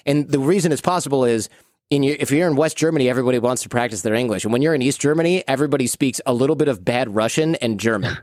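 Brief: American man, late 30s, animated storytelling guest, close dry studio sound. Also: mid-range voice, no echo. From United States. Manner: lively storyteller, quick asides. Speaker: podcast guest. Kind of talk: storytelling interview.

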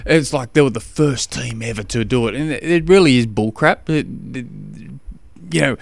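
A man's voice: mid-range voice, normal speed, creaky, dry recording. A middle-aged Australian man hosting a podcast, chatting in an easygoing, slangy way about training. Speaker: podcast host and triathlon coach. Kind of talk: casual podcast monologue.

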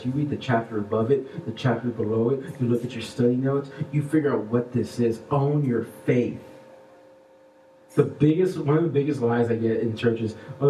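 A man preaching a sermon as pastor, animated, acting out little voices and swinging between hushed and loud. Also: mid-range voice, echoey room, recorded from a distance, a little hiss or hum, rough recording.

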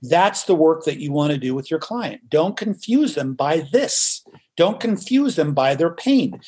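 Male coach, theatrical and emphatic, somewhat high-pitched, podcast guest. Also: big pitch swings, a little slow, darkish tone, husky. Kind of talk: podcast interview.

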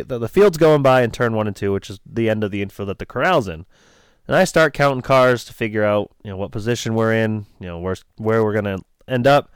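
A man's voice: on the low side, clear, resonant tone, dry recording, clean studio sound. Man rambling through a profane race story. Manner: rambling, profane, animated retelling. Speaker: race crew member telling a story. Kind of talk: casual storytelling podcast chat.

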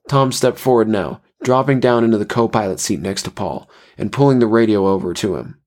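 Man reading a horror story, measured, lowish voice. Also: a little mellow. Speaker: narrator. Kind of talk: scripted horror story narration.

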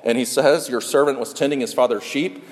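A man preaches in a large hall, his voice trailing into a long reverb. He has a mid-range pitch and leans hard on repeated phrases with earnest emphasis. At times he sinks into soft, hushed passages. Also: a little fast. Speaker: pastor. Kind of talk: sermon.

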